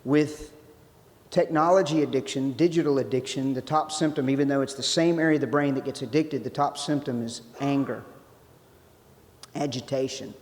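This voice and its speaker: A man's voice: medium pitch, moderate pace, a little mellow. A man giving a conversational sermon-style talk as a guest speaker, restarting phrases and adding joking asides. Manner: conversational, self-interrupting, jokey asides. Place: church sanctuary. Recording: long hall reverb.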